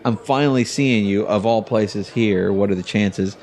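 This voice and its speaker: Co-host, man with a lowish voice, quick jokes, profane casual talk. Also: a little mellow. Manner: wisecracking, profane. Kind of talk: casual chat.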